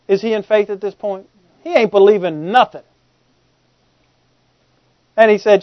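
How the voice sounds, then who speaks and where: High-voiced joking preacher. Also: male voice, normal speed, long pauses, a little mellow, no room sound. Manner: humorous, conversational, asks the congregation questions. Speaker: pastor. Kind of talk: sermon. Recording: dull lo-fi recording.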